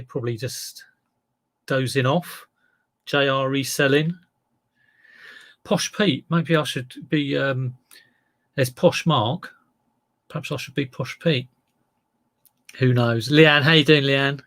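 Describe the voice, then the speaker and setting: A man's voice: medium pitch, steady tone, slow pace, pauses often, a bit bright, dry recording. Man in his fifties, Southeast English accent, live-stream host, chatty and rambling, dry close sound. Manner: chatty, rambling, greets viewers by name. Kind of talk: casual live-stream chat.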